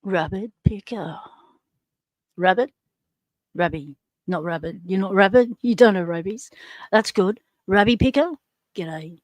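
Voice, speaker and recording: A woman's voice: medium pitch, normal speed, no room sound. A middle-aged Australian woman hosting a casual livestream, chatting and greeting viewers by name. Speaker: livestream host.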